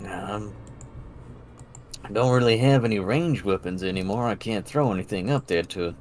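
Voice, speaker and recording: A man's voice: on the low side, moderate pace, a little mellow, slight background noise. A man playing a tabletop game, joking and wry about his character's chances. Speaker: player. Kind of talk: casual tabletop game play.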